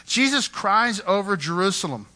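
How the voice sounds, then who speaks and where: A man preaching a sermon, impassioned, rising to loud emphasis and dropping to a hush, repeating words as he builds a point. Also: high voice, very animated, moderate pace. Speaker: pastor.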